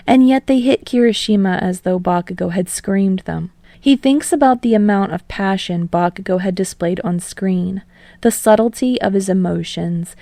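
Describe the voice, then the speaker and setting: A woman reading fan fiction aloud as a podfic reader in steady, measured narration. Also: mid-range voice, vocal fry, no room sound.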